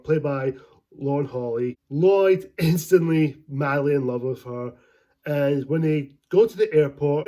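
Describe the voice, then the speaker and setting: A man's voice: on the high side, dark tone. A man giving a casual movie review, rambling and enthusiastic and laughing often as he talks.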